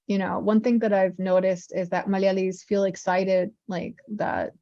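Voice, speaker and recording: A woman's voice: medium pitch, little pitch movement, moderate pace, mellow, dry recording, muffled recording. A woman teaching a language lesson in a casual, upbeat way, chatty with many fillers. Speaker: Malayalam teacher. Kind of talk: casual online lesson talk.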